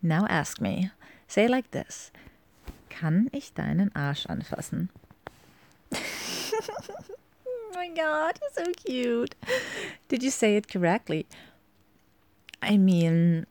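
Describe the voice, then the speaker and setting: Slow, gravelly German-accented woman teasing. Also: mid-range voice, darkish tone. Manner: teasing, giggly, often drops to a whisper. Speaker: audio role-play performer. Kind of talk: flirty audio role-play.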